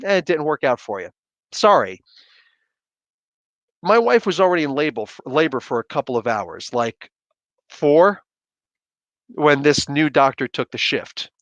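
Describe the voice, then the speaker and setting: A man's voice: a little high, sing-song, measured pace, pauses often, a bit bright, no room sound, dull audio. A man hosting a casual livestream chat, telling a story in a blunt, rambling, ranting way with lots of fillers. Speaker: host. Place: home livestream setup.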